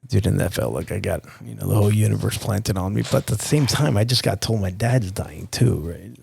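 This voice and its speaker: A man's voice: lowish voice, brisk, vocal fry, a little mellow, husky, no echo. A young man from Nicaragua, a podcast guest telling a personal story in a candid, profane, casual way. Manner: candid and profane, addresses host as dude and bro.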